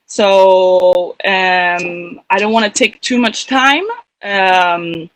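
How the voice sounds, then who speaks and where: A woman's voice: medium pitch, steady tone, very slow, fairly bright tone, rough recording. A woman activist speaking on a panel, rambling a little with fillers and restarts. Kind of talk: casual spoken talk on a panel.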